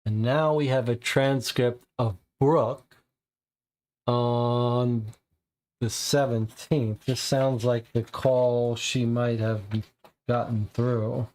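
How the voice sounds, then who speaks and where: A man's voice: mid-range voice, a little mellow. A man playing a game and thinking aloud as he takes notes. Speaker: game player. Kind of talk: casual game commentary.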